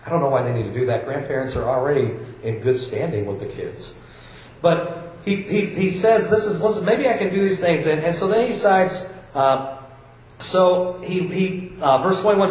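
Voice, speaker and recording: A man's voice: fairly high pitch, animated, normal speed. A man from Iowa preaching a sermon, switching between chatty stories full of restarts and reading scripture aloud. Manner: conversational storytelling with frequent restarts, reads scripture aloud. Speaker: pastor. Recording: very echoey hall.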